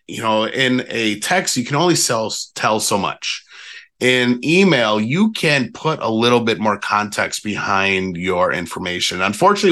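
Male podcast guest, low-ish, bright forward voice, chatty with fillers. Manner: chatty, fillers, animated retelling. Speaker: guest, email marketing expert. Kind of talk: casual podcast interview.

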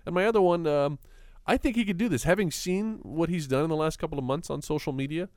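A man's voice: fairly high pitch, a little mellow, dry recording, studio quality. A man co-hosting a casual podcast, joking around and drawing out hesitant phrases. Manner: jokey, drawn-out hesitant phrasing. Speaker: podcast co-host.

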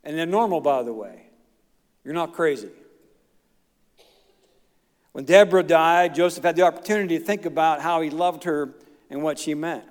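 A man's voice: on the high side, normal speed, long pauses. A middle-aged man, preaching a folksy, emphatic sermon in a church. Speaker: pastor. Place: church sanctuary. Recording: long reverb of a church hall.

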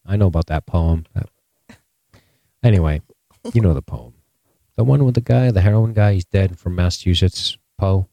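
A man with a very low voice co-hosts a podcast, keeping up crude, joking banter with his partner. His voice is recorded dry and close, with no room sound. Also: normal speed, vocal fry, pauses often, mellow, no room sound. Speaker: podcast co-host. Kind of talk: casual chat.

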